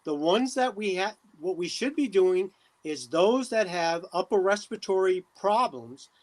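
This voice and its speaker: A middle-aged man from New Jersey, a mayor as a talk show guest, speaking emphatically with many pauses and fillers. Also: high voice, lively intonation. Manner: emphatic, preachy, trailing off with many uh's. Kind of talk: casual interview talk.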